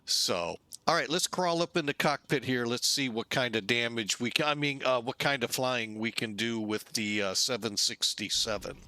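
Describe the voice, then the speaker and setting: A man's voice: mid-range voice, moderate pace, hardly any pauses, pushed and bright, no room sound. A man from St. Louis hosting a flight-sim video, narrating casually with rambling asides, jokes and self-corrections. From St. Louis, USA.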